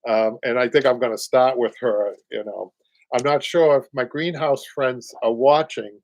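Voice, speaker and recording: A man's voice: mid-range voice, steady tone, normal speed, a little mellow, no echo. A man in his late fifties with a Boston accent, hosting a live upholstery show in a rambling, chatty way full of fillers and little chuckles. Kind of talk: casual live-stream chat.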